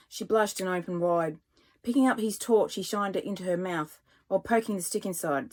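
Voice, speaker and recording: A woman, a children's author, reading a scene from her own book aloud with expressive narration. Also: fairly low pitch, fairly quick. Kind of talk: storybook reading.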